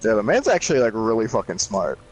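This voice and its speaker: A man's voice: on the low side, big pitch swings, quick pace, rough recording. Laid-back young man chatting while gaming. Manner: laid-back, swears often, laughs mid-sentence. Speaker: let's play host. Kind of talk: casual chat among friends while gaming.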